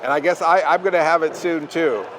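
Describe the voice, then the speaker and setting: A horror show host riffs his way through comedy banter, halting and restarting as he jokes. His voice is a man's, slightly on the high side, with a clear layer of background noise behind it. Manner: rambling, halting, jokey.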